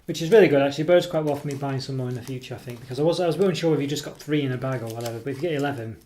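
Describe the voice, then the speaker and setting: A man chats through a chocolate review at a relaxed, meandering pace. His talk is loose and hesitant, with plenty of ums, restarts and self-mocking asides. The recording carries a clear hiss of background noise and the odd click. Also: medium pitch, rapid-fire. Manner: rambling and hesitant, with many ums and self-corrections; self-deprecating. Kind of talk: casual product review.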